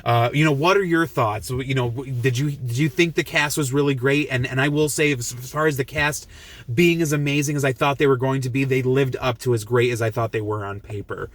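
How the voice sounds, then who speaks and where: A man's voice: medium pitch, fairly even intonation, a little fast. A man giving a casual, earnest film review to camera, gushing and emotional, often restarting and repeating himself. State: emotional, moved.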